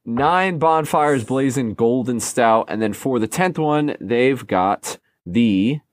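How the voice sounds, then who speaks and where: A man's voice: mid-range voice, expressive, slow pace, no echo. A man co-hosting a casual beer podcast, joking around and stumbling over names as he reads them. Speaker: podcast co-host. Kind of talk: casual chat. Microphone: close microphone.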